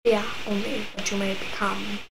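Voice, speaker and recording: A woman reading a cartoon character's note aloud in a put-on mock Russian accent, slowly and solemnly, with loud rumbling noise behind her. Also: level tone, vocal fry, lightly acted.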